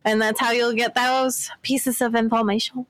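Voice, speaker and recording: An upbeat woman hosting a casual podcast chat, her voice sitting a little high for a woman. She laughs easily and moves briskly into plugs for supporters. The sound is close and dry, recorded over a remote call. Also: level tone, fairly bright tone, dry recording, low-quality recording. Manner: upbeat, laughs often, announcer-style plugs. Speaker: podcast host.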